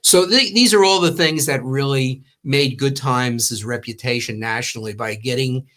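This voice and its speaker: An older man, once a magazine owner, talks casually in a mid-range voice at a moderate pace. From Long Island, New York, he tells long, rambling anecdotes with warmth and acts out the quotes.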